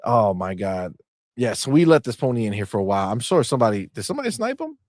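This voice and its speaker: A man's voice: medium pitch, fast, dry recording, studio quality. A man co-hosting a casual gaming talk show, slangy and mocking, reading out viewer chat. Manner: animated, slangy, mocking, reads chat aloud. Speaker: podcast co-host.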